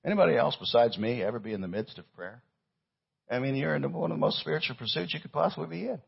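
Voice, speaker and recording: A man preaching a sermon as pastor, swinging between loud stressed lines and hushed low phrases. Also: quick pace, gravelly, husky, lo-fi sound.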